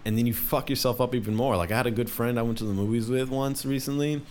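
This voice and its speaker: A man's voice: medium pitch, fairly even intonation, fast talker, darkish tone, a little hiss or hum. A young man ranting casually, swearing a lot and restarting his sentences often. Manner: profane, rambling, many restarts. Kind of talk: casual rant.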